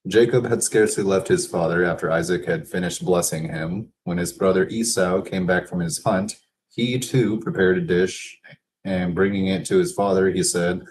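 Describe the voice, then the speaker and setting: Very deep-voiced man reading scripture casually. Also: normal speed, darkish tone, slight background noise, low-quality recording. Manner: reads aloud with offhand asides and laughter. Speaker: Bible study reader. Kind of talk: casual Bible study reading.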